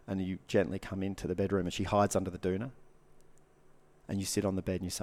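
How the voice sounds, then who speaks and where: Earnest low-voiced man coaching. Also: level tone, fast, creaky, a little mellow. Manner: earnest, repetitive advice with short punchy phrases. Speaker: guest coach. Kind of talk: casual podcast conversation.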